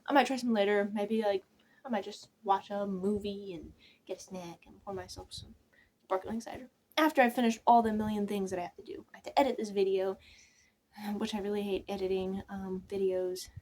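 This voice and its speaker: A woman's voice: medium pitch, a little mellow, a little hiss or hum. A young woman chatting casually to her viewers, rambling, trailing off and restarting, often sinking to a near whisper. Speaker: channel creator. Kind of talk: casual chat to camera.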